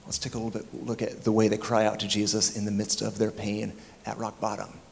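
A man delivers a reflective sermon in a church, his low, gravelly voice staying even and flat. He voices the people in his story as he goes. The sound carries a long hall reverb with a faint hum behind it. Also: brisk. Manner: reflective, acts out the thieves' words. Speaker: preacher.

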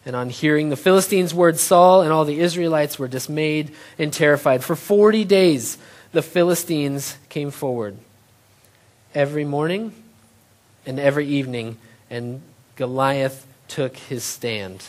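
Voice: mid-range voice, measured pace. A preacher giving a sermon, retelling a scripture story in plain everyday terms and asking the audience rhetorical questions.

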